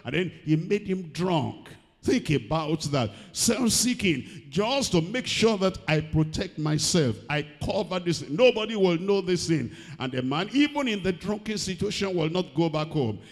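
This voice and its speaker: Guy preaching hard, keeps repeating words, voice a bit high, big hall echo. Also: expressive, moderate pace, few pauses. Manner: emphatic, repeating key phrases. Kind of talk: sermon.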